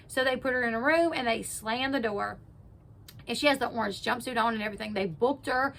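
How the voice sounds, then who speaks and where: A woman chats through a TV recap in a bright, slightly high voice. She keeps it casual and loose, dropping "like" everywhere and slipping into what each person said. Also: brisk, gravelly. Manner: chatty, peppers speech with "like", acts out quotes. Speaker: YouTube recap host. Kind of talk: casual retelling of a reality TV episode.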